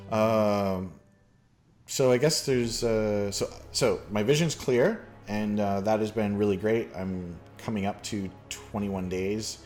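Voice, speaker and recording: A man's voice: fairly low pitch, darkish tone. A man from Canada hosting a casual chat, rambling through a story with lots of fillers. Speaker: podcast host.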